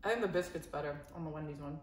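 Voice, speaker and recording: A woman's voice: deep voice, rapid-fire, roomy sound, a little hiss or hum. A woman chatting casually during a food taste test, laughing often and playfully dramatic. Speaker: co-host taste tester.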